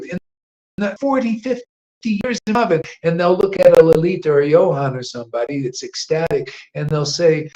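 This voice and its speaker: Over poor audio, a man with a rather high, animated voice preaches briskly at a chanting gathering he leads. His informal devotional sermon rambles and turns emphatic, dipping into hushed asides and rising into loud outbursts. He says "man" and "you know" constantly.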